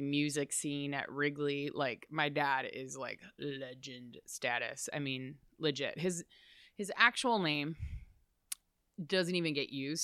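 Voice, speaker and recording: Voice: mid-range voice, a bit bright, smooth, dry recording, studio quality. A guest from Chicago telling stories in a casual interview, rambling with lots of "like" asides. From Chicago, USA. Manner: chatty, rambling, full of "like" asides.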